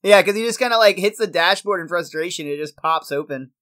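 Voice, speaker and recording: A man chatting casually as a podcast co-host, telling the story of an episode in a loose, joking way. He laughs often between lines and keeps a relaxed, everyday tone. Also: high-pitched, a little fast. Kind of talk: casual chat recapping a cartoon episode.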